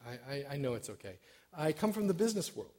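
A man's voice: a little high, very animated, quick pace, mellow. A middle-aged man giving an informal sermon as a church stewardship director, self-deprecating and hesitant, with many fillers.

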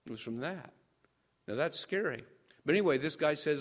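A man's voice: on the high side, expressive, normal speed. A man in his seventies preaching a storytelling sermon as pastor, folksy and often putting questions to the congregation.

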